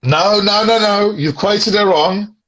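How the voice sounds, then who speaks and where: A man's voice: high-pitched, takes it slowly, fairly bright tone, muffled recording. A man joining a casual livestream chat over a video call as the guest, playful and laid-back, trading jokey banter.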